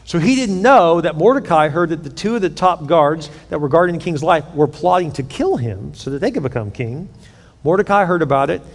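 Man, pastor, sermon, high voice, lively storytelling, long hall reverb. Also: fairly quick. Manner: animated storytelling, acting out characters' lines.

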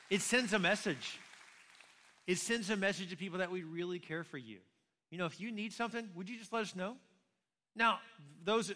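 Fairly high in pitch and fairly bright in tone, this man delivers a sermon as pastor, keeping it conversational and full of rhetorical questions. A large hall's long reverb surrounds his voice.

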